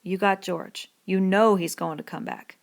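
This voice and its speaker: A woman reading the part of a bitter, lonely middle-aged male stable hand in a rough rural dialect, in an audiobook. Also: medium pitch, steady tone, a little slow.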